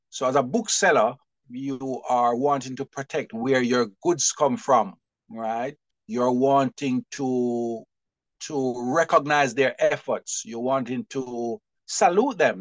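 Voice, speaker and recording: A middle-aged man tells stories in an interview with lively, expressive energy and breaks into laughter along the way. His voice sits at an ordinary pitch. The recording is close and dry, with hardly any room sound. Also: dry recording. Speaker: publisher and bookseller. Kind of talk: animated interview storytelling.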